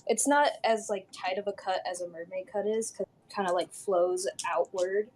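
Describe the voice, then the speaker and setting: A woman player in a casual tabletop role-play game, describing things in a relaxed way with lots of fillers and casual swearing. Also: mid-range voice, normal speed, a little hiss or hum.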